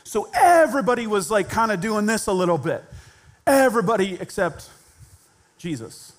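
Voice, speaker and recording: Man preaching in church, lively and theatrical, voices the people in his stories. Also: sits high, moderate pace. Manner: animated, acts out quoted voices. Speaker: pastor. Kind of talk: sermon. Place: church sanctuary.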